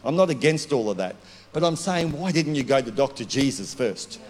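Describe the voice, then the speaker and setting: Loud pastor in a reverberant hall. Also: male voice, medium pitch, normal speed. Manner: loud, declaring, swings from calm to shouting. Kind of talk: sermon.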